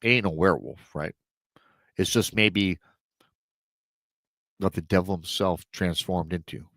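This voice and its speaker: Unhurried and a bit bright, this host's low voice comes through with no echo. As the show's storyteller, he relaxes into retelling a true encounter a listener had, wandering off into asides for his audience.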